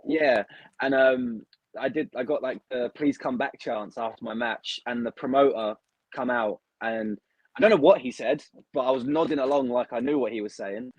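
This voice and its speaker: A young man from the UK chats excitedly as an interview guest, peppering his talk with "like". His voice is a little husky and sits close and dry on the mic. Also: medium pitch, normal speed, no room sound, muffled recording. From United Kingdom. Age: young adult. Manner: chatty, excitable, heavy use of "like". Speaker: wrestler, guest. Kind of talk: casual interview chat.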